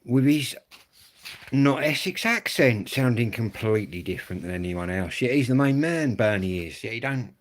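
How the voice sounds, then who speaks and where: A man's voice: medium pitch, expressive, moderate pace. A middle-aged man with a Kent accent, chatting casually and rambling with viewers on a livestream, swearing and dropping blokey slang. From England. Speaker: livestream host.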